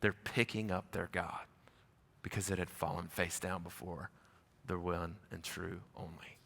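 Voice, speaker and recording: Guy pastor preaching, slangy and animated, loud then quiet, long church reverb. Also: low voice, a little slow, gravelly. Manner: animated storytelling, swings between loud and hushed; casual slangy speech. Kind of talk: sermon. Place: large church auditorium.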